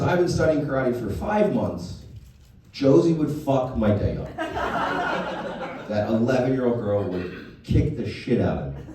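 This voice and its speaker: A man performing a profane, animated stand-up comedy set on a club stage. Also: medium pitch, heavy reverb, far from the mic, slight background noise, low-quality recording. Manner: profane, animated storytelling to a live crowd.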